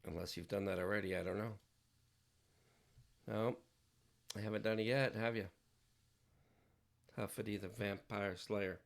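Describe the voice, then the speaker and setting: A man's voice: lowish voice, fairly even intonation, normal speed, vocal fry, long pauses. A man chatting casually on a livestream while he draws, rambling and joking with wordplay. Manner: playful, rambling, jokey wordplay. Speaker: digital artist livestreaming.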